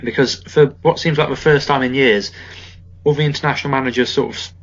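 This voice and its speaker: A man's voice: medium pitch, steady tone, fast, muffled recording. A man co-hosting a casual football podcast, talking in a wry, rambling way with joking asides. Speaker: podcast co-host.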